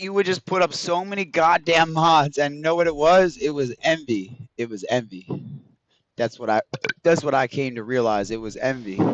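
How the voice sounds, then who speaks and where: Man, game streamer, fairly high voice, casual rambling chat, swears freely. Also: a bit bright, dry recording, muffled recording. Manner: rambling, profane, talks straight to chat. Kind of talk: casual livestream chat with viewers.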